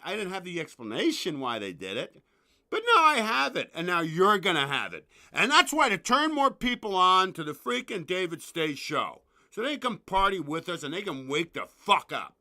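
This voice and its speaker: A man hosting his own show, ranting at his listeners in a profane, rambling, excitable way full of asides. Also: high-pitched. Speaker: podcast host.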